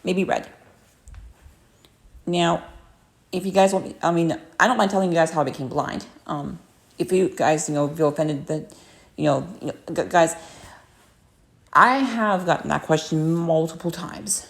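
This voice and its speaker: A woman with a lowish voice chats casually on a home livestream. She rambles along, padding her talk with fillers and restarting her sentences often. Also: moderate pace, gravelly, pauses often. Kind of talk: casual chat.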